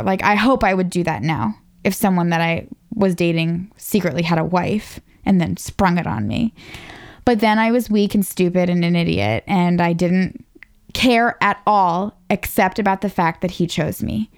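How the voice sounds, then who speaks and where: Speaking at a normal speed in a lowish register, a woman in her twenties from Northern Virginia, USA, appears as an interview guest. Her talk is relaxed personal storytelling about her past, self-mocking and full of "like."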